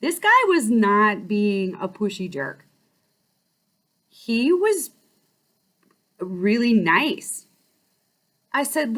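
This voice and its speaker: A woman who hosts a life-coaching channel, telling a personal story in a casual, animated way with quick restarts. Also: mid-range voice.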